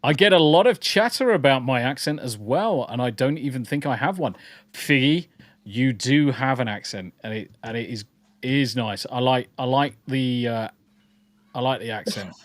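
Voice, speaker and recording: A man's voice: mid-range voice, normal speed, dry recording. A man from the English Midlands with a mixed English accent, partly southern, co-hosting a podcast in casual chat, reading comments with rambling jokes. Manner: rambling, jokey, repeats words. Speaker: podcast co-host.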